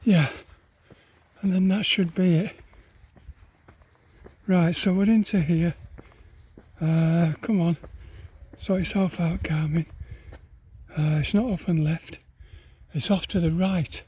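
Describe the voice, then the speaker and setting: Breathless man grumbling on a slow hike. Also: high-pitched, fairly even intonation, a little mellow, husky. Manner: rambling, muttering to himself, grumbling at the hills. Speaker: hiker vlogger. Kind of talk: walking vlog commentary. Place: outdoors on open moorland.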